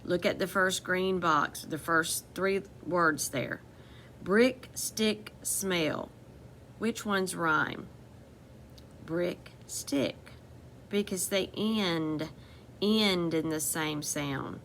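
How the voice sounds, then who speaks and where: A woman's voice: on the low side, slow pace, a bit bright, a little hiss or hum. A woman teaching a phonics lesson to children, patiently repeating each word and giving step-by-step instructions.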